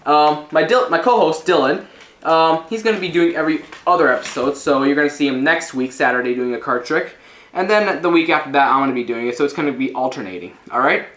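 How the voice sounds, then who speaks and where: A man's voice: a little high, quick pace, fairly bright tone. A young man hosting a casual card trick video, joking and rambling as he corrects himself. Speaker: host. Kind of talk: casual magic trick demo. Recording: roomy echo, faint noise.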